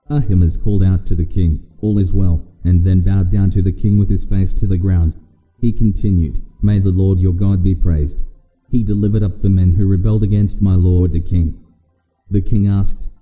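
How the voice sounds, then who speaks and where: A man with a low, very dark and mellow voice reads scripture aloud in a steady, measured way. His voice carries a long reverb tail, as if in a large hall. The delivery is calm and even. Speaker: Bible reader. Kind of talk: scripted audio Bible reading.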